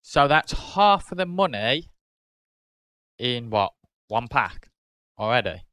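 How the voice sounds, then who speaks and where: A British man hosting a card-opening video, casually calling out each card and getting excited over good pulls. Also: medium pitch, slow, no echo. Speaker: card-opening channel host.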